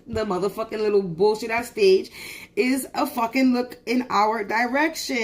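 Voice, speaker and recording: A woman venting into her phone on a livestream. She tells the story in a heated, profane rush, often stopping and starting over mid-sentence. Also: on the high side. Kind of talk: venting casual monologue.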